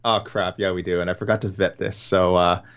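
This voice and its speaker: A low-pitched man co-hosts a loose podcast chat, rambling and correcting himself as he goes and laughing easily along the way. The audio is dull and lo-fi, with muffled highs. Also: level tone, brisk, fairly bright tone. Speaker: podcast co-host. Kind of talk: casual podcast chat about fight matchmaking.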